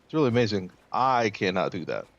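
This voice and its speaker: A man's voice: lowish voice, big pitch swings, brisk, muffled recording. A man hosting a livestream, chatting casually, often hesitant and chuckling as he talks. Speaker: livestream host. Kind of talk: casual stream chat.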